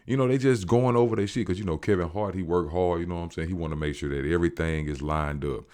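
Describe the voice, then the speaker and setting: Deep-voiced man, slangy animated recap. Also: fast talker. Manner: animated, slangy, acts out quotes. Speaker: show recapper. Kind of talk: casual storytelling recap.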